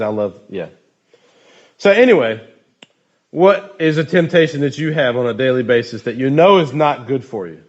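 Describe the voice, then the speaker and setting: A man's voice: mid-range voice, normal speed, dull audio. Joking man leading a youth talk. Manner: loose, joking, animated storytelling. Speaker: youth group leader.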